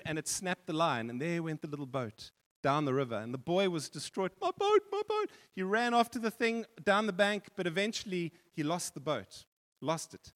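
A male pastor preaching a sermon in a church hall, telling a story with animated repetition. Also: a little high. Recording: long reverb of a church hall.

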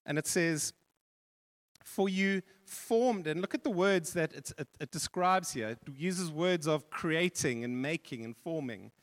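A man with a fairly high voice preaches a sermon to his congregation. He talks in a loose, conversational way, often restarting and adding asides. His words ring out with a long reverb that fills the church hall. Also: moderate pace, hardly any pauses, a bit bright. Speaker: pastor.

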